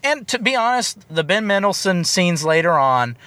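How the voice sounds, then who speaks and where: A man co-hosting a podcast, reviewing a movie in casual chat with a sarcastic, animated manner. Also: high voice, no room sound. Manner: sarcastic, animated, quick asides. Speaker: podcast co-host.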